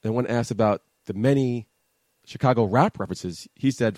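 A man co-hosting a casual podcast, talking with a flat, monotone voice. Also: mid-range voice, moderate pace, dry recording. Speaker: podcast co-host. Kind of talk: casual chat.

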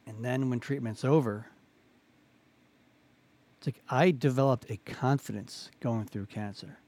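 A man's voice: medium pitch, a little slow, long pauses, darkish tone. A man hosting a conversation, reflective and searching for words as he speaks. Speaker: host.

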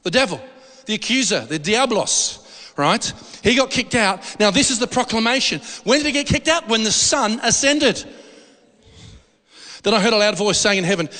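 A man preaching a sermon in a church hall, animated and jokey, asking the congregation questions. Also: sits high, normal speed. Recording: long hall reverb.

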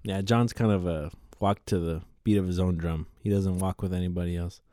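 A man's voice: low-pitched, fairly even intonation, a little fast, dark tone, no room sound, studio quality. A man reminiscing in a casual, profane chat, full of "like" and "you know".

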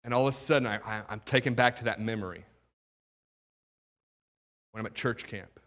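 A young man giving his testimony as a sermon to a crowd, telling his story with drama and dropping from loud to hushed. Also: lowish voice, moderate pace. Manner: talks straight to the crowd with questions. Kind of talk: testimony sermon to a live audience.

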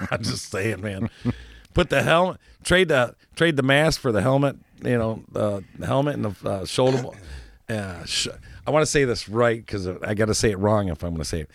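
A man's voice: fairly low pitch, animated, moderate pace, gravelly, no echo. Rambling, laughing man telling stories. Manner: rambling storyteller, laughs often, stumbles over words. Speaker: co-host. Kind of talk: casual radio-style chat.

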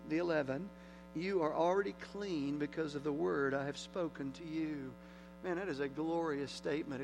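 Male pastor, high voice, earnest sermon delivery swinging loud to hushed, faint mains hum behind. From moved to Tennessee from Las Vegas.

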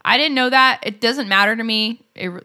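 A woman's voice: on the high side, normal speed. A young woman co-hosting a podcast, telling stories in a casual chat and breaking into laughs and swearing along the way. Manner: animated storyteller, laughs often, swears freely. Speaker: podcast co-host.

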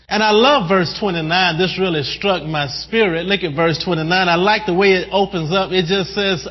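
A male preacher delivering an animated sermon, often repeating words as he addresses the congregation. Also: sits high, moderate pace. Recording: dull sound with long hall reverb.

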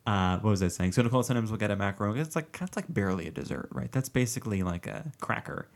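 A man talking casually as a podcast co-host, his voice sitting on the low side. He rambles with plenty of fillers and likes to poke fun at himself. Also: animated, fast talker. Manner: joking, self-mocking, rambling with fillers. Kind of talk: casual chat.

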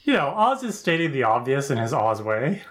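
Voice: mid-range voice, big pitch swings, normal speed, fairly bright tone. A podcast co-host in casual chat about a TV episode, with dry, joking asides.

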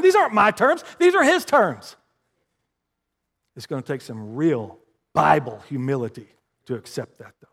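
A man preaching a sermon, telling stories with emphatic repetition and rising to forceful exclamations. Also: on the high side. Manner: animated storytelling, emphatic repetition. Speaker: pastor.

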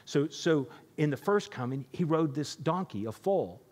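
Male pastor, sermon, emphatic conversational delivery, a bit higher voice, long hall reverb. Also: expressive, normal speed, darkish tone.

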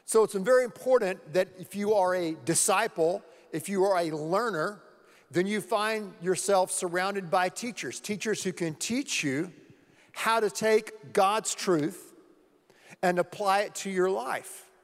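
A man's voice: high voice, a little slow. A man preaching a sermon to his church as pastor, earnestly repeating key words for emphasis. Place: church sanctuary. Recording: long hall reverb.

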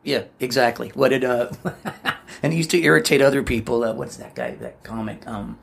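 50s guy on a podcast, gravelly voice, spins stories and does the voices. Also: mid-range voice, moderate pace. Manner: animated storyteller who acts out voices and laughs along. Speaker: podcast co-host. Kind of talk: casual chat, telling personal stories.

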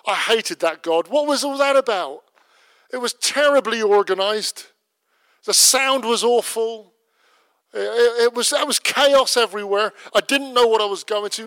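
Guy preaching, high smooth voice, chatty stories then soft slow prayer. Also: no echo. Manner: lively storyteller who drops to a soft, slow voice for prayer. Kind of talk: sermon with storytelling.

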